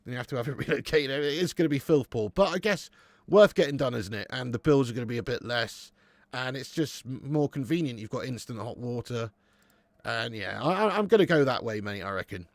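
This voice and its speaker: An expressive man in his late thirties speaks briskly in a mid-range voice, with clean studio sound and no echo. While hosting a live football watch-along, he banters casually with viewers, swears, and calls them "mate" and "lad".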